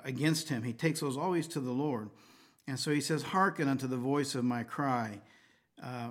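A man's voice: mid-range voice, fairly bright tone. A man reading scripture aloud, then explaining it in a casual, hesitant way with many fillers and restarts. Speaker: Bible teacher. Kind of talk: scripture reading and devotional commentary.

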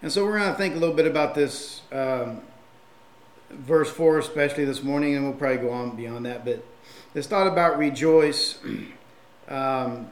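A man's voice: medium pitch, normal speed, echoey room. A man preaching a sermon and reading scripture aloud, in a conversational manner with frequent fillers and restarts.

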